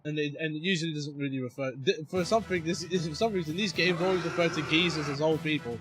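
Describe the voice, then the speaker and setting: A man's voice: on the high side, quick pace, music in the background. A young British man with a London accent, chatting and laughing as he comments on a video game. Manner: chatty, laughs often, excitable outbursts. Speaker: streamer. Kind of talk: gameplay commentary. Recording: game audio underneath.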